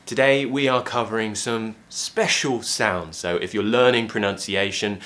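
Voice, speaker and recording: A young man teaching pronunciation, explaining clearly and repeating sounds slowly for learners. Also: fairly low pitch, fairly even intonation, fairly bright tone. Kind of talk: online pronunciation lesson.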